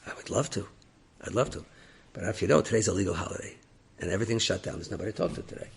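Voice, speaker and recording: A man voicing a hot-tempered Israeli army officer, blustering and quick to shout. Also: sits low, creaky, slightly rough, exaggerated voice. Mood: apologetic.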